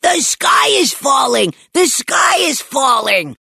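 A woman voicing a small boy from a storybook who is easily frightened and shouts his alarm. His voice is high and strained, with wild swings in pitch, recorded dry and close. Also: sing-song, drawn-out words, gravelly, no echo, full character voice. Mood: panicked. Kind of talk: audiobook character voice.

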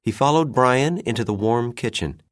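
A man narrating a children's story in an unhurried, expressive reading. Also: mid-range voice, no echo, studio quality.

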